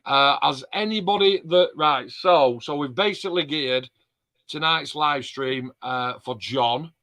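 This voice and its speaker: Bright-voiced man bantering. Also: fairly high pitch, a little slow. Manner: banter, swearing and joking. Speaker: live stream co-host. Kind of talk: casual chat.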